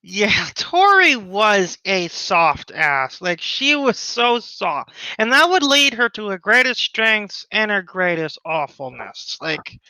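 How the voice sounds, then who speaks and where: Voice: mid-range voice, big pitch swings, slow pace, few pauses, bright, forceful tone, clear, resonant tone, dry recording, poor audio. A podcast co-host in casual chat, rambling with lots of "like" and restarts.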